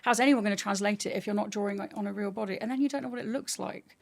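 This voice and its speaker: Creaky-voiced chatty woman guest. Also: mid-range voice, rapid-fire. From England. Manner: chatty, animated storyteller. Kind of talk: casual interview chat.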